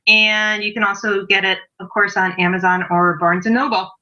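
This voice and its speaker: A woman's voice: medium pitch, level tone, normal speed, pushed and bright, dull audio. A woman author as podcast guest, answering with giggles and many ums. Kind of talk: interview answers.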